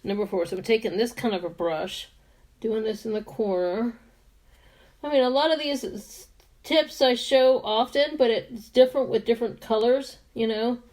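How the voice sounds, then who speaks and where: A woman's voice: on the high side, normal speed, a little mellow. A woman in her fifties chatting casually and laughing often while she does her makeup on camera. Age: 50s. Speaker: beauty vlogger and sales representative.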